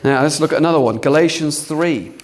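A man's voice: fairly high pitch, a little fast, a little hiss or hum. A man preaching a sermon, emphatic and exclamatory, breaking often into hallelujahs and amens.

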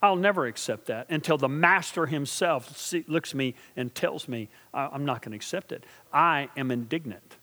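Preaching man in a reverberant hall. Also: fairly high pitch. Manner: preaching with call-and-response asides to the congregation; shifts from quiet, slow intensity to loud, emphatic build-ups. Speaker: pastor. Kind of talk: sermon.

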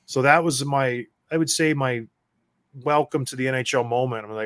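A man, a former hockey enforcer, telling stories as a guest in a casual chat and getting loud as he acts out his own rants. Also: medium pitch, normal speed, dry recording. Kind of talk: casual storytelling.

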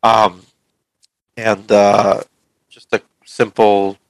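A man's voice: lowish voice, little pitch movement, very slow, dry recording, low-quality recording. A man co-hosting a movie podcast, talking in a casual, hesitant way with lots of fillers and restarts. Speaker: podcast co-host. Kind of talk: casual movie review chat.

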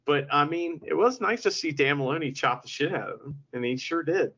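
A man co-hosting a podcast, chatting casually about wrestling, excitable, swearing and laughing often. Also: a little high, a little fast, highs cut off. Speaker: podcast co-host.

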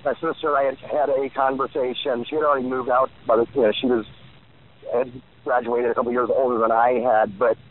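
A man's voice: mid-range voice, level tone, fairly quick. A man in his forties giving rambling interview answers, full of fillers and restarts. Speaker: guest. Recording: tinny phone line.

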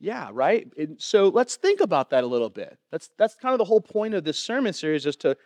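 A man's voice: high voice, very animated, brisk, darkish tone, no room sound. A man preaching a sermon as pastor in a loose, conversational way, full of fillers and questions to the room.

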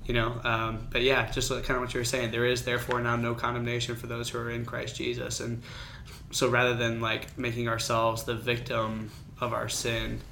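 A man co-hosting a casual theology podcast, speaking quietly and laid-back, laughing often. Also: medium pitch, monotone, normal speed, creaky, a little hiss or hum. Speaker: podcast co-host. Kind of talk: casual chat.

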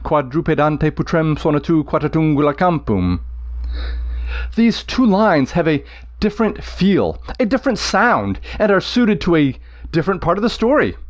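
His voice is high and sing-song as he teaches Latin, enthusiastically explaining poetic meter to listeners and chanting each rhythm out deliberately.

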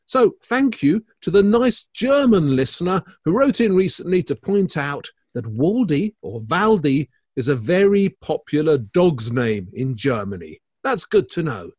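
A man's voice: a little high, sing-song, unhurried, few pauses, darkish tone, husky, dry recording, clean studio sound. Playful theatrical man hosting a podcast. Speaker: podcast co-host, art critic. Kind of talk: bantering podcast chat.

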